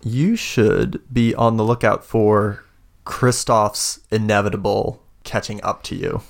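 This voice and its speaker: Slow, gravelly-voiced man running a game. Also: fairly low pitch. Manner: halting, full of fillers. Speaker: game master. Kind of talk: narrating a tabletop game.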